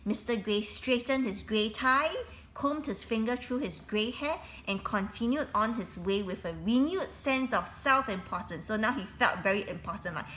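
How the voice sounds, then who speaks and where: A woman's voice: a little high, normal speed, a bit bright, a little hiss or hum. Woman reading a children's book aloud. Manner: explains in simple words, many restarts. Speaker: reader.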